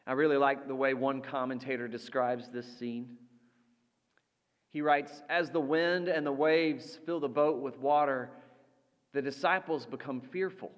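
A man preaching a sermon as pastor, slow and deliberate, letting his voice drop soft for quoted lines. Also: medium pitch, lo-fi sound. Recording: long reverb of a large hall.

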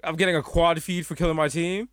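A man co-hosting a casual comedic chat, animated and acting out little bits in different voices. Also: a little high, fast, noisy background. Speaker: podcast co-host.

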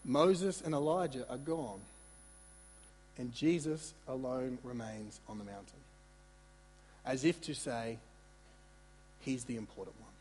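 A man preaching a sermon in a conversational, animated way, with asides and repeated words. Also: mid-range voice, slow pace, long pauses, in a large hall, slight background noise. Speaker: pastor.

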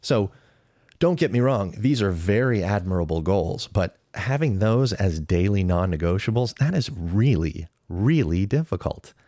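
A man's voice: deep voice, animated, unhurried, mellow, no room sound, studio quality. A man in his thirties giving casual, opinionated podcast commentary, weighing pros and cons in a conversational way. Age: 30s. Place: podcast studio.

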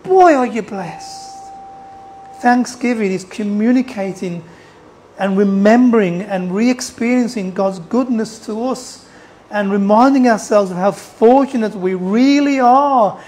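An animated preacher delivers a sermon, firing question after question at the congregation. The voice sits at a middle pitch and keeps circling back over its own phrases. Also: measured pace, slight background noise, poor audio. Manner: animated, asks the listeners questions; repeats and restarts phrases.

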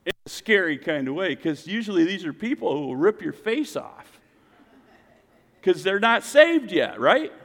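A man preaching a sermon as pastor, swinging from loud exclamations to quiet, intense passages. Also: high-pitched, big pitch swings, normal speed. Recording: long reverb of a church hall.

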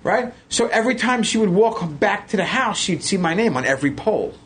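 A man, a podcast guest telling animated, profane stories and laughing as he goes. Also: high-pitched, brisk, a little hiss or hum. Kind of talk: casual storytelling.

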